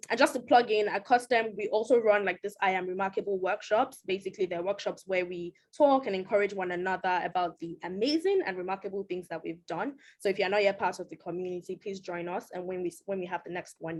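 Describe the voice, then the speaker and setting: A woman hosting an online panel, speaking in an encouraging, upbeat way. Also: medium pitch. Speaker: panel host. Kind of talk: casual panel moderation.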